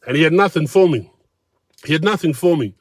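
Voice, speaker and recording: A man's voice: on the high side, lively intonation, fairly quick, dry recording. A man telling a casual, profane story in a blunt, conversational way.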